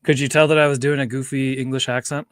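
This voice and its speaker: A man's voice: mid-range voice, little pitch movement, fast, smooth, dry recording. A man chatting casually online in an easygoing, rambling way. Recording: home mic, faint noise, dog nearby.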